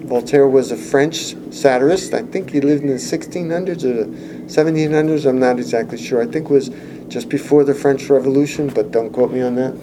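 A man's voice: mid-range voice, brisk, warm tone, slight background noise, poor audio. A man preaching a Bible-teaching sermon, earnest and explanatory, rising to emphasis when he quotes scripture.

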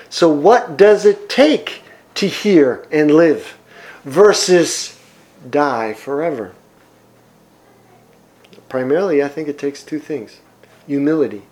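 A man preaching a sermon, reading scripture aloud and commenting on it, with emphatic swings between loud and soft. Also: fairly high pitch, rough recording. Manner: slow, emphatic preaching with wide swings in loudness. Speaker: pastor.

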